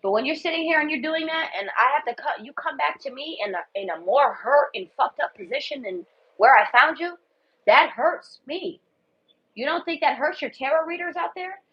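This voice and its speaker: A woman doing a casual tarot reading for viewers, talking bluntly with lots of swearing and repetition. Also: high-pitched. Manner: blunt, profane and emphatic, repeats herself. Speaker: tarot reader. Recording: dull lo-fi sound.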